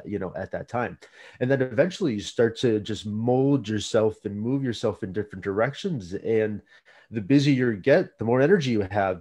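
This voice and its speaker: A man hosting a podcast conversation, talking in a reflective, measured way as if thinking aloud. His voice is on the lower side. He talks with a calm, unhurried conversational flow. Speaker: podcast host. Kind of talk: casual conversational interview.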